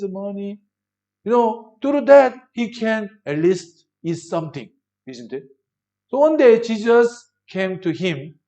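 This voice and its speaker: A male preacher giving a sermon in broken English. He often asks the congregation rhetorical questions and swings between loud emphasis and soft drops. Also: a little high.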